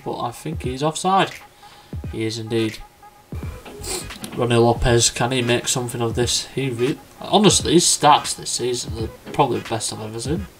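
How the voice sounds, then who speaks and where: A young man casually commenting on a football management game, chatty and excitable. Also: mid-range voice. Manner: chatty, excitable, quick laughs and exclamations. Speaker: gaming YouTuber. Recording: faint background music.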